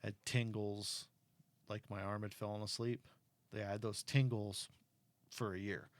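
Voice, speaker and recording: A middle-aged man chatting casually with his kid, telling stories in an animated way and turning earnest and cautionary on safety. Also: on the low side, moderate pace, no echo. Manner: animated storyteller who acts out quotes; earnest and cautionary when talking about safety. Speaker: parent talking with his kid. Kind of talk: casual chat.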